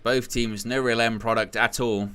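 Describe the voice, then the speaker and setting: A man's voice: medium pitch, fairly even intonation, normal speed, pushed and bright, clean tone. A man hosting a live football watchalong, commenting on the play in a casual, rambling way with jokey asides.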